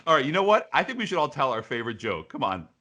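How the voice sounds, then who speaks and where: A man's voice: medium pitch, rapid-fire. A man co-hosting a podcast, chatting casually and animatedly while telling a joke. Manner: chatty, animated, laughs often. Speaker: podcast co-host. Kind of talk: casual chat.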